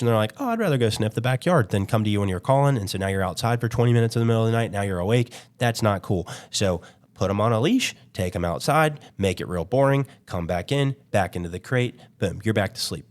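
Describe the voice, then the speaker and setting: Fast-talking man giving casual dog advice. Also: fairly low pitch. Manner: rambling, filler-heavy, conversational. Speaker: dog trainer and podcast host.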